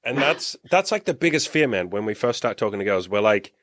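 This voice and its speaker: A man's voice: fairly low pitch, very animated, brisk, fairly bright tone, dry recording. A man hosting a casual interview as a dating coach, telling stories animatedly, acting out quotes and swearing casually.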